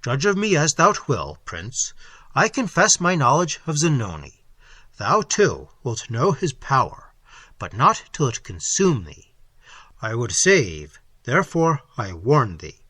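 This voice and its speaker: Man reading an ominous foreign sage for a storybook: solemn, archaic speech, wide-ranging husky delivery. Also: mid-range voice, huge pitch swings, unhurried, pushed and bright, dry recording, full character voice. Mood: earnest. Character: mysterious foreign male sage, deep-voiced, calm, ominous.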